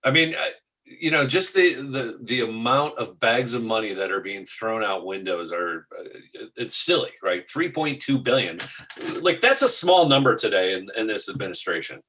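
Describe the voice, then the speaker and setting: Male co-host, animated bright voice, wry, distant mic with faint hiss. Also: lowish voice, moderate pace. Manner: wry, stammering starts before his point. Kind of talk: casual market talk show banter.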